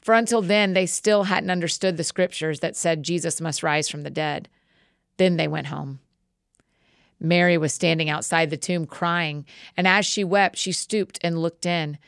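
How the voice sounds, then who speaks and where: A woman reads scripture aloud at a steady, measured pace. Her voice is lowish with a noticeable gravelly fry. The sound is close and dry, with no room around it. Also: dry recording. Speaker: podcast host reading scripture. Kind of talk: scripture reading.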